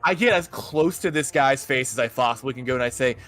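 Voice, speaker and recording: A man playing a tabletop role-playing game who swears often and speaks forcefully in character. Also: mid-range voice, quick pace, music in the background. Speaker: player.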